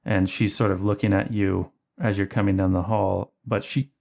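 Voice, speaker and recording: A man narrating as game master of a tabletop horror game, relaxed and thinking aloud with fillers, over an online call. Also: fairly low pitch, moderate pace, gravelly.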